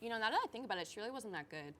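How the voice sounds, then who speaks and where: A woman's voice: medium pitch, expressive, racing, fairly bright tone, lightly acted. An actress playing a vain, insecure young woman who is flustered, defensive and desperate for praise, in a comedic student film. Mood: needy.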